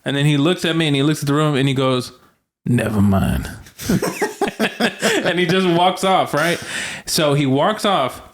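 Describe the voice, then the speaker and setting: A man co-hosting a podcast, casually telling a story in a relaxed, joking way with some swearing. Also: fairly high pitch, moderate pace. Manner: laid-back, swears casually, laughs often. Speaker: podcast co-host. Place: new apartment room.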